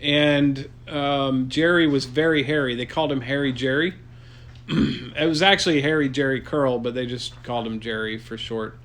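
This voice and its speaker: A man improvising a silly story for his child, playful and rambling with deadpan jokes. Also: mid-range voice, moderate pace.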